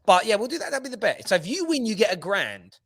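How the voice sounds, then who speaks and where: A man's voice: high voice, very animated, fast talker, no echo. A man co-hosting a football fan stream, boastful and teasing, laughing often in casual banter. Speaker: co-host of a football fan show.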